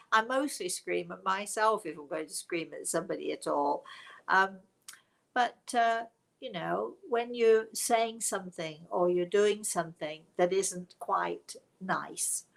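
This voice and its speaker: A British woman who is a spiritual medium hosts a live show, telling stories to her livestream audience in a warm, reflective way with self-mocking laughs. Her medium-pitched voice is creaky and a little slow. The recording is rough.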